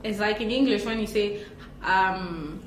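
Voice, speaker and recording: A woman's voice: mid-range voice, unhurried. A woman co-hosting a casual language lesson, asking curious questions and playfully repeating phrases. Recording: echoey room with faint music.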